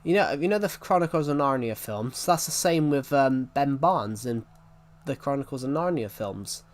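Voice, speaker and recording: A man's voice: mid-range voice, animated, moderate pace. A man giving casual gameplay commentary as a channel host, rambling and often repeating and correcting himself as he talks.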